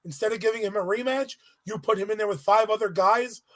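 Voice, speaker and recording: Brief: male co-host with a high voice, animated and profane storyteller. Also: quick pace. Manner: animated storytelling, swears freely. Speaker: podcast co-host. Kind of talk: casual chat recapping a wrestling event.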